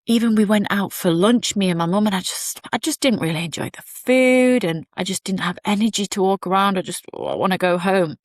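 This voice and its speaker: A woman's voice: medium pitch, brisk, few pauses, no room sound, studio quality. A young woman podcast host telling a personal story in a chatty, rambling way with asides.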